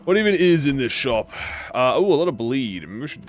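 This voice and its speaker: A man with a medium-pitched, very animated voice speaks a little fast while chatting to viewers on a gaming live stream. Faint game music can be heard behind him. His casual chatter rambles, self-corrects and trails away into mumbles.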